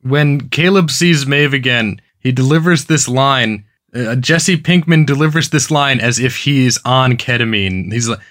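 A man's voice: mid-range voice, normal speed, hardly any pauses, a bit bright, no echo, studio quality. A man co-hosting a podcast, recapping a TV episode in a casual, sarcastic way and laughing as he goes. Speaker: podcast co-host.

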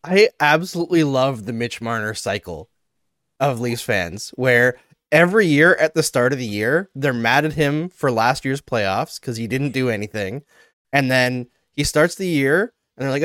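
A man's voice: medium pitch, moderate pace, a bit bright, no echo. Wry man talking sports, dry sound. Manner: wry and talkative, mocks others with voiced quotes. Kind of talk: casual chat.

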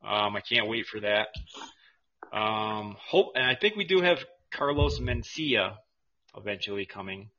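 A man co-hosting a podcast in casual chat, excitable and loose, swearing and calling people dude. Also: on the low side, a little slow, a little hiss or hum. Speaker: podcast co-host. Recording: slightly muffled lo-fi audio.

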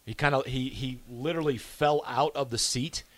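A man's voice: medium pitch, steady tone, normal speed, no echo. A man hosting a local radio talk show, upbeat and reading out listener texts. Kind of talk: casual radio chat. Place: radio studio.

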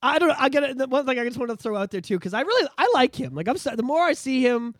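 Animated, high-voiced man ranting on a podcast. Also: quick pace, no room sound, clean studio sound. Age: 30s. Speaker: podcast co-host. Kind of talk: casual podcast chat.

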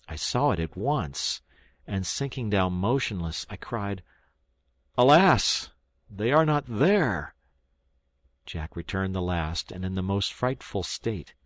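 A man with a very low voice reads an old novel aloud at a measured, steady pace. The sound is close and dry, with no room around it. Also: no room sound. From South Carolina, United States. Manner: measured, steady reading that lifts into dialogue. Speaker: volunteer audiobook reader. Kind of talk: audiobook narration.

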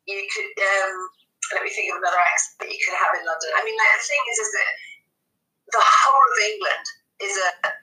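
A woman's voice: mid-range voice, pushed and bright. A woman dialect coach chatting casually over a remote call, often breaking into accent demonstrations. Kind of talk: casual interview chat. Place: based in New Zealand. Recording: echoey distant call audio.

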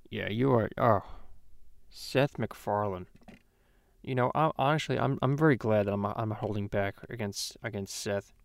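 A man's voice: lowish voice, moderate pace, creaky, dry recording, studio quality. A man hosting a comedy podcast, ranting and swearing in a rambling way with many restarts. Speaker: podcast host. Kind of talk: profane comedic rant. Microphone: podcast microphone.

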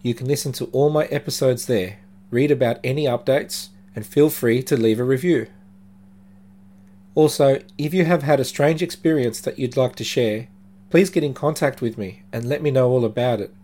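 A man hosting a podcast, narrating true creepy stories in a measured, dramatic way with slow pauses. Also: mid-range voice, mellow. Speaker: podcast host.

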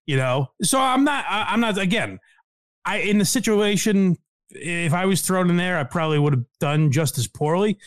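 A man co-hosting a casual comedy podcast, talking in an animated way, laughing often and quoting people in voices. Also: high-pitched, moderate pace. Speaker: podcast co-host.

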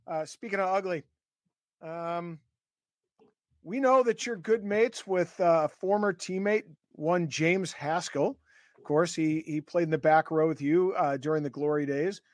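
Chatty male podcast co-host, slightly high voice, dry close-mic sound. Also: unhurried, no echo. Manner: chatty, explains at length with fillers. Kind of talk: casual podcast interviewing.

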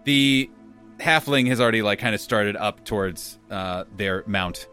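A man's voice: on the low side, measured pace, bright, forceful tone, faint music behind. A man narrating as game master of a tabletop game, loosely, with casual fillers.

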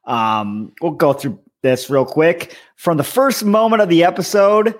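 A man's voice: a little high, unhurried. A man co-hosting a casual podcast who talks in a blunt, profane way. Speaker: podcast co-host. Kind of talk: casual chat.

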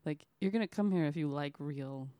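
A woman's voice: deep voice, fairly quick, dark tone, dry recording. A woman from Oklahoma, a barista guest on a podcast, chatting bluntly and swearing casually. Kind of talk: casual chat.

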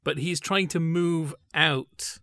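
A man's voice: a little high, steady tone, slow, pushed and bright, no room sound, clean studio sound. A man co-hosting a podcast, talking in a thoughtful, discursive way that drifts from point to point. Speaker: podcast co-host.

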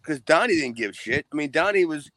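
Brief: ex-wrestler guest, easygoing and profane, slightly high voice, dry mic. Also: male voice, animated, fast talker, fairly bright tone, no room sound. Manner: rambling, laughing, lots of restarts and cussing. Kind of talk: casual chat.

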